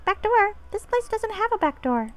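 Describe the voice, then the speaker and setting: Woman doing a squeaky pixie voice. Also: very animated, moderate pace, a bit bright, heavily acted. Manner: squeaky, foul-mouthed.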